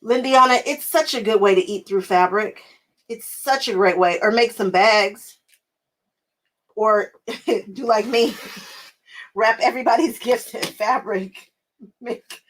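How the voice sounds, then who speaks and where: A woman's voice: mid-range voice, rough recording. A young woman hosting her quilting channel, chatting casually with viewers while she works, often laughing and answering them by name. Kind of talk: casual chat while crafting.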